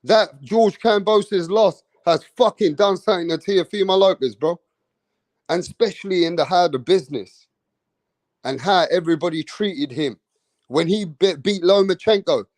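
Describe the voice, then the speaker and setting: A man giving casual boxing commentary, excitable and slangy, repeating himself for emphasis. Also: high-pitched, no echo.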